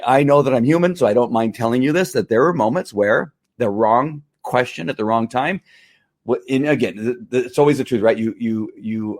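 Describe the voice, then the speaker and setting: A middle-aged man talking casually to camera in a testimonial vlog, animated and full of restarts and fillers. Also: medium pitch. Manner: animated, acts out angry outbursts, many fillers and restarts. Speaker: vlogger selling wellness products.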